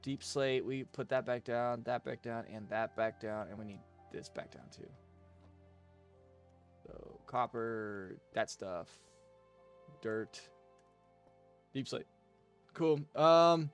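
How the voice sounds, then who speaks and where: A man's voice: medium pitch, takes it slowly, long pauses, smooth, faint music behind. A young man, chatting casually on a game stream and venting profanely about work. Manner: profane, ranting, venting frustration. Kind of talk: casual gaming stream chat.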